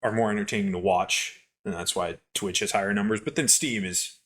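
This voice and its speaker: A young man co-hosting a podcast who tells gaming stories in a rambling, animated way with lots of fillers. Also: fairly low pitch, fairly quick. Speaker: podcast co-host. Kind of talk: casual chat, storytelling.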